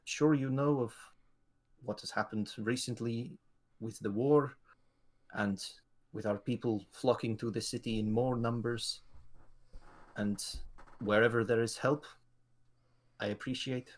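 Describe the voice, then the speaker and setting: A man voicing a stately older queen mother who speaks slowly and formally, in a tabletop role-play. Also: medium pitch, steady tone, lightly acted. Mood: regal. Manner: slow, formal, regal speech.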